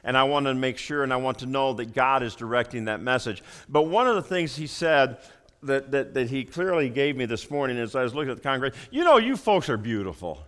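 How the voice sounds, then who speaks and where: A man preaching a sermon as pastor in a church, folksy and animated, often repeating and restarting phrases. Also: mid-range voice, a little fast. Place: church sanctuary.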